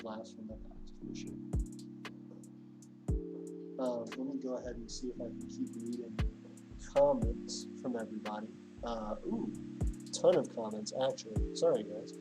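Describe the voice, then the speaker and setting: A man chatting on a livestream, meandering through viewer comments with frequent fillers and restarts. He sits at a middle pitch, with music playing clearly in the background. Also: normal speed, long pauses. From Louisiana. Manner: rambling, filler-heavy, reads chat aloud. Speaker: livestream host. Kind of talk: casual chat reading comments.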